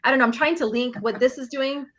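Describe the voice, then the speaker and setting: A woman's voice: high voice, fast, a bit bright. A woman hosting a casual live show, chatty and eager, asking questions and chiming in with "okay.". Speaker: host. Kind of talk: casual live-stream chat.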